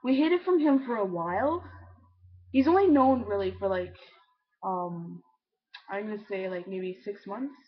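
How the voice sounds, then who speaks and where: A man's voice: high voice, unhurried, dull audio. A young trans man in his late teens tells a personal story in a casual, rambling way. He fills his talk with "like" and swears freely. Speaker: vlogger.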